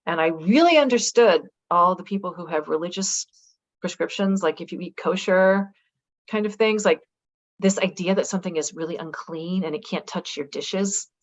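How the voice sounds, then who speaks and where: A woman's voice: lowish voice, moderate pace. Middle-aged woman telling her story over a dull video call. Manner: lively storyteller, acts out quoted dialogue, many fillers like "like". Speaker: author and guest. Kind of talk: casual storytelling interview.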